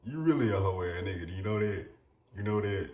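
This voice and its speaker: Man doing a gruff, needling buddy. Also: low voice, expressive, brisk, a little mellow, reverberant, recorded from a distance, dull audio, pitched below the performer's own voice. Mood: scornful. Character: blunt male friend, low-voiced, insulting, tough-talking.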